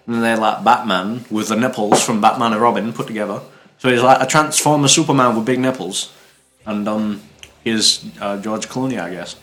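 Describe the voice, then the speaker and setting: A man's voice: mid-range voice, fairly bright tone. A man co-hosting a casual, joking and rambling chat. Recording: roomy, faint music.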